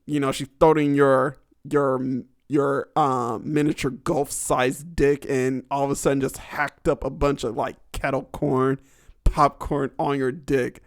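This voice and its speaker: A man's voice: medium pitch, flat delivery, a little slow, no echo, clean studio sound. A young adult man hosting a podcast, rambling crudely through a casual monologue and laughing often. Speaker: podcast host.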